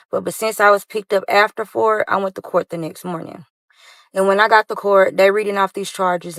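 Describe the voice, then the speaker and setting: A woman's voice: mid-range voice, creaky, fairly bright tone, no echo. A young woman recounting her own story time, talking animatedly and addressing listeners as y'all.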